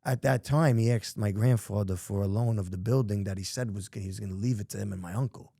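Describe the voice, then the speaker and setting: A man's voice: fairly low pitch, fast talker, vocal fry, mellow, no echo, studio quality. A middle-aged man, a podcast guest telling his life story in blunt, profane street talk. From New York. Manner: profane, street-talking, emphatic. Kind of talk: candid storytelling.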